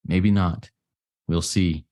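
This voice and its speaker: A man voicing a calm, patient old farmer in a spoken fable, his tone even and unbothered. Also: low-pitched, slow pace.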